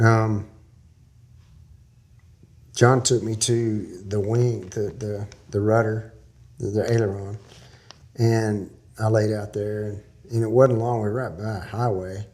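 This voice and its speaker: A man's voice: fairly low pitch, a little mellow. A man from Texas, a guest in an interview, telling a long story in a folksy, rambling way with small laughs.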